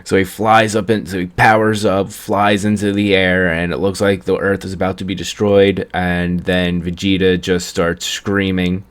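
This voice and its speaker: A man's voice: low voice, level tone, normal speed, hardly any pauses, clear, resonant tone. A young man casually recapping an anime episode in a rambling way, chuckling at the story as he goes. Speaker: anime reviewer.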